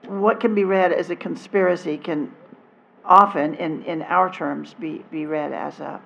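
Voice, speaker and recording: Gravelly-voiced woman on a panel. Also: lowish voice. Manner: halting, restarts phrases, trails off softly. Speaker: panelist, former intelligence officer. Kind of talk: panel discussion answer. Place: convention panel room. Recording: dull convention panel audio.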